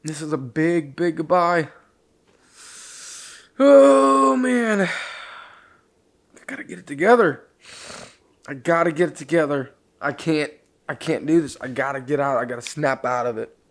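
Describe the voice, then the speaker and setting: A man's voice: on the high side, fairly even intonation, normal speed. A middle-aged man vlogging on his last day at his cabin, choked up and sighing as he talks to himself. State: tearful. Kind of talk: emotional personal vlog.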